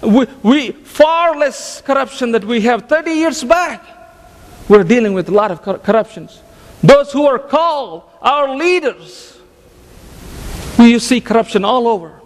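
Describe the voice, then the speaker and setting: A man's voice: very high-pitched, lively intonation, a little slow, long reverb tail. A man preaching a sermon as pastor, emphatic, often restarting and repeating his phrases. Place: church sanctuary.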